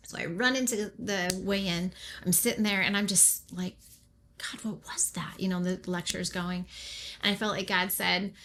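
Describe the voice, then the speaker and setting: A middle-aged pastor from Oregon recounts her faith journey in an interview, her woman's voice sitting slightly low. She brings each quoted remark to life as she tells it. A faint room ambience stays under her voice. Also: moderate pace, slight background noise. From Oregon, USA. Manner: animated storyteller who acts out her own and others' remarks. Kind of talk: personal faith story told in an interview.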